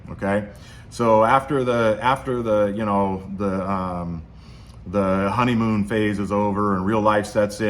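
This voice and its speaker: A man with a lowish voice hosts a casual motivational monologue, rambling along with many restarts and fillers. There's slight background noise.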